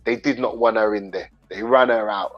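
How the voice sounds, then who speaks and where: A British man hosting a casual chat, talking in an animated, slangy way with some swearing. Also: on the low side, normal speed, lo-fi sound, soft background music. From England. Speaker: host.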